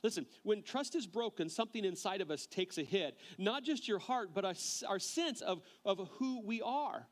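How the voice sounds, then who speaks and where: A male pastor's earnest sermon features frequent repeated words at the start of phrases and a slower pace on key lines. He has a high, animated voice.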